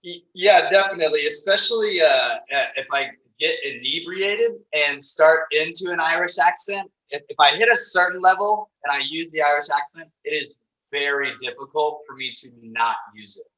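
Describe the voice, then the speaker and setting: A man's voice: fairly high pitch, moderate pace, pushed and bright, poor audio. A man in his twenties, a podcast guest, talking in an eager, thoughtful way. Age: 20s. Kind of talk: casual chat.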